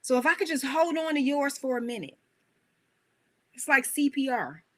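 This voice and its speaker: A woman coach giving an animated, emphatic motivational talk, full of rhetorical questions. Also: high-pitched, moderate pace.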